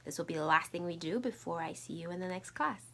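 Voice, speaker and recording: A Mandarin teacher with a fairly low voice leads a recorded language lesson, running slow repeat-after-me drills. Between them she slips into soft, whispery asides.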